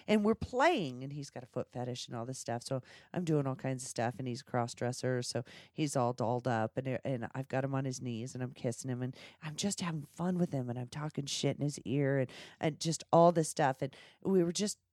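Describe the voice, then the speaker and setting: A woman's voice: rumbling low, brisk, few pauses, darkish tone, no room sound, studio quality. A woman hosting a podcast, telling frank, bawdy stories in a crude casual chat and laughing often. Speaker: podcast host.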